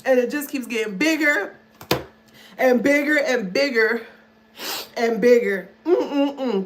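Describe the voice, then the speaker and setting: A woman's voice: on the high side, slow pace, long pauses, a little hiss or hum. A woman giving a casual spiritual card reading on video, laughing often and affectionately calling the listener "baby". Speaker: spiritual tarot reader.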